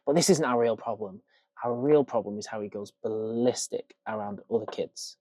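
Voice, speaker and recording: A man's voice: medium pitch, fairly even intonation, brisk, dark tone, no room sound. A man working as a dog trainer, giving casual, emphatic training tips straight to the viewer. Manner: emphatic, casual, swears for effect. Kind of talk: direct-to-camera training tips.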